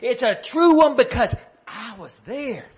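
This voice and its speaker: A man's voice: very high-pitched, lively intonation, a little slow, slightly rough. A man telling a folksy, playful story and chatting with his listeners with questions.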